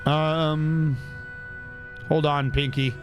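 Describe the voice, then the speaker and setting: A man's voice: fairly high pitch, flat delivery, very slow, over music. A man streaming a game, talking to himself in a casual, muttering way and humming now and then. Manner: talks to himself while playing, muttering and humming. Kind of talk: casual gameplay commentary.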